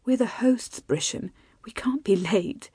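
A woman's voice: on the high side, a little slow, mellow, breathy edge, dry recording, studio quality, voice pushed up. A woman voicing a teasing young noblewoman. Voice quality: lighter, lifted voice. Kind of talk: audiobook character voice.

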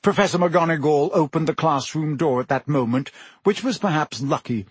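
A man's voice: fairly high pitch, moderate pace, slightly rough, dry recording. A man narrating a storybook aloud, telling the scene expressively. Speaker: audiobook narrator. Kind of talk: scripted narration.

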